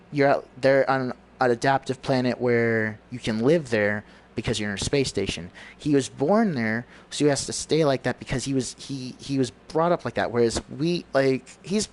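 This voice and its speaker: A man's voice: mid-range voice, slight background noise. A man giving a rambling, preachy monologue on his livestream, often searching for words. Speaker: livestream host.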